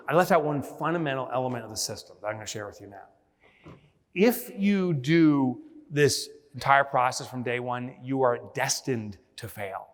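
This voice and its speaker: A man giving a motivational business keynote on a conference stage, telling stories with energy and acting out scenes. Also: mid-range voice. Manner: energetic storyteller, mimics and shouts when acting out scenes. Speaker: keynote speaker. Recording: long hall reverb.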